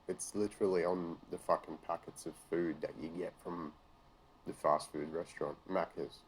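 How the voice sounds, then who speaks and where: Australian male host, low register, profane, sarcastic, exasperated commentary. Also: steady tone, moderate pace, a little hiss or hum. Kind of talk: profane rant reacting to news articles.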